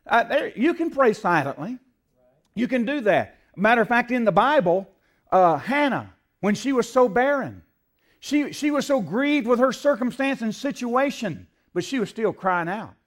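A man preaching a sermon, emphatic and rising to loud peaks when quoting scripture, often asking the congregation to call out the next word. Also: very high-pitched, sing-song, moderate pace. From United States. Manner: asks the congregation to fill in words.

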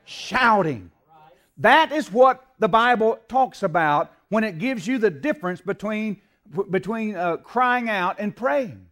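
A man preaching a sermon, emphatic and rising to loud peaks when quoting scripture, often asking the congregation to call out the next word. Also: sits high, animated, unhurried. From United States. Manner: asks the congregation to fill in words.

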